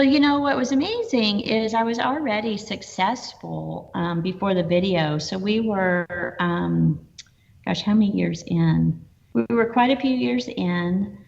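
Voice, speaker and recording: A middle-aged woman telling stories in a casual interview, animated and quoting people in dialogue. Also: fairly low pitch, creaky. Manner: animated, quotes herself and others in dialogue. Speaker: guest entrepreneur. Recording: dull lo-fi sound with long reverb.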